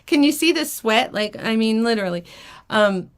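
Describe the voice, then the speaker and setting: A woman's voice: a little high, animated, normal speed. A woman hosting a live vintage jewelry auction stream, flustered and rambling, laughing often between fillers and restarts. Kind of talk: casual live-stream chat.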